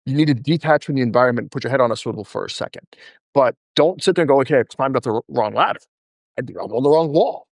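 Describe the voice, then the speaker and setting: This podcast host talks fast, bluntly and jokingly as he works through ideas with his guest in a conversational interview. His mid-range voice is a little mellow, captured in a clean studio with no room sound.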